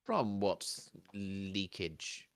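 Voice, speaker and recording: Fussy formal clerk for a tabletop game, played by a man; deep and dry. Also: expressive, very slow, no echo, heavily acted. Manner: polite, formal and careful. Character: fussy male library clerk, businesslike.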